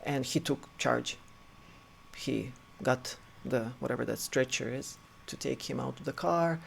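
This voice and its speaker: A man telling a personal story in an earnest, halting way, often restarting his sentences. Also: medium pitch, vocal fry, a little hiss or hum. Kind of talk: personal story told to camera.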